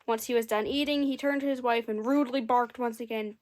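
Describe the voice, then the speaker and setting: A woman's voice: fairly high pitch, steady tone, brisk. A woman reading a fairy tale aloud and adding dry, amused comments between passages. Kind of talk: comedic story reading with wry asides.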